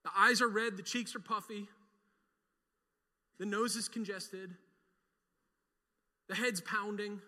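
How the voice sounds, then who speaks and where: Middle-aged man, pastor; emphatic sermon, high and very bright voice. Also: fairly even intonation, takes it slowly, pauses often, big-room sound. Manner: emphatic, leads call-and-response with the congregation.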